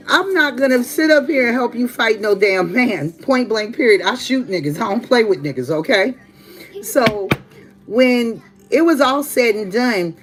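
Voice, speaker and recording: A woman hosting a live stream, telling a story to her chat in a blunt, profane, animated way. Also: mid-range voice, low-quality recording. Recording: steady background noise with passing vehicles.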